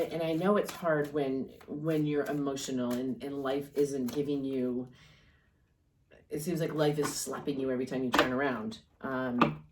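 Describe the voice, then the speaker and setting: A woman's voice: extremely low pitch, heavy background noise. A woman giving a casual tarot reading, talking in an encouraging, rambling way with many fillers and restarts. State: coughing and yawning at times. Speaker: tarot reader.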